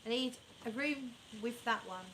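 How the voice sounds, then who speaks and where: A woman's voice: fairly high pitch, measured pace, a bit bright, a little hiss or hum, poor audio. A woman vlogging casually about perfumes, chatty and enthusiastic, rambling and correcting herself as she reads viewer comments. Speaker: fragrance vlogger. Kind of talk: casual chat reviewing perfumes and reading live comments.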